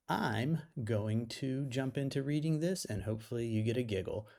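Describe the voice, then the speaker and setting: A man's voice: medium pitch, creaky, a little mellow. A man reading his own humorous article aloud, playful and self-mocking, breaking off for casual side remarks.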